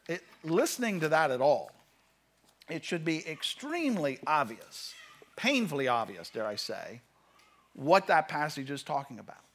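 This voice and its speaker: Guy preaching a sermon, voice swoops all over, kinda high. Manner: animated preaching, shifting emphasis, asides to the congregation. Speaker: pastor.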